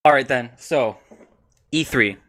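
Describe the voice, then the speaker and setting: A man's voice: mid-range voice, measured pace, bright, forceful tone. Wry man steering a podcast chat. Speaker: podcast co-host. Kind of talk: casual chat.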